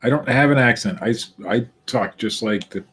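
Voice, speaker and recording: A man's voice: mid-range voice, moderate pace, a bit bright, breathy edge. A man co-hosting a podcast in casual banter, defensively protesting the teasing. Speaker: podcast co-host.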